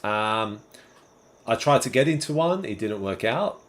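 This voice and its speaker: On his live stream, an unhurried man with a voice on the low side responds to chat messages one by one. He has a Sydney Australian accent, appears to be in his twenties or thirties, and keeps things relaxed and conversational.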